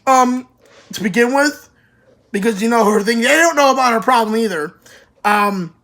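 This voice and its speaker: A young woman reviewing an anime in a casual, excitable rant, swearing and stammering through restarts. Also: a little high.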